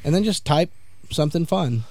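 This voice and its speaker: A man's voice: fairly high pitch, animated, normal speed, dark tone, no echo. Young guy hosting, dry teasing mock-serious delivery, dead dry room. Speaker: podcast host. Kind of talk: casual chat with mock announcements.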